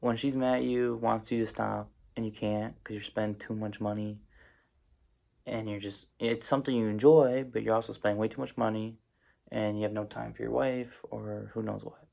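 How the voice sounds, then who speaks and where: Low gravelly man, casual rambling explainer. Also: flat delivery, moderate pace, mellow. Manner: casual, rambling, many fillers and restarts. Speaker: presenter explaining psychoactive drugs. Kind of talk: informal explainer video.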